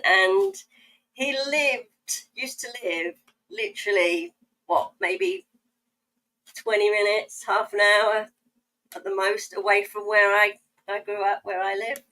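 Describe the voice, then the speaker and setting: A woman's voice: mid-range voice, bright, forceful tone, low-quality recording. A woman with a South East London accent chatting playfully with viewers while she draws on a live stream. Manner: playful, chatty, reading viewer comments aloud. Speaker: livestream art host. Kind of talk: casual chat while drawing.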